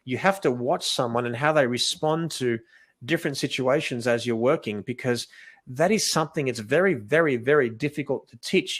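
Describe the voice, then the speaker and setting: A medium-pitched man coaches wedding photography in a casual, animated style. He acts out what he tells couples and keeps restarting his sentences.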